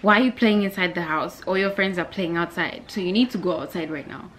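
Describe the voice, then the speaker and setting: A woman's voice: fairly low pitch, brisk, fairly bright tone, slight background noise, natural voice. Strict aunt, firm and no-nonsense, scolding a child, as a woman puts her on. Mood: stern.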